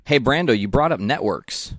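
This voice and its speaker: A man's voice: medium pitch, lively intonation, normal speed, dry recording, studio quality. A man co-hosting a podcast, joking loosely while he plugs the network in casual chat. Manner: jokey, rambling plug for the network. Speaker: podcast co-host.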